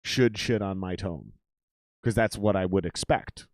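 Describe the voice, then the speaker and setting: A man hosting a podcast in a casual, animated, profane talking style. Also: deep voice, measured pace, no room sound, clean studio sound. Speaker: podcast host.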